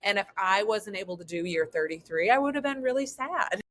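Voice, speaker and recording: A woman's voice: mid-range voice, brisk, a bit bright. A woman triathlete in casual conversation, talking openly and emotionally about her racing. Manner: open, emotional, rambling. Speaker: triathlete guest and former podcast co-host.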